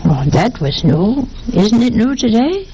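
Slow, gravelly woman preaching. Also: on the high side, sing-song, mellow, a little hiss or hum, low-quality recording. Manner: folksy, conversational, with many rhetorical questions. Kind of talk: sermon.

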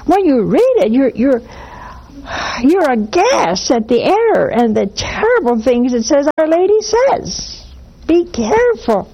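A woman hosting a call-in show as a nun, teaching with animated little acted-out dialogues and blunt warnings. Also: high-pitched, a little slow, lo-fi sound. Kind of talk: spiritual teaching and call-in talk.

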